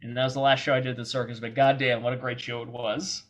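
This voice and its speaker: A man telling stories as a podcast guest, animated and freely cursing. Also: medium pitch. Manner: animated, profane, quick anecdotes. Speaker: guest filmmaker and performer. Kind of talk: casual storytelling.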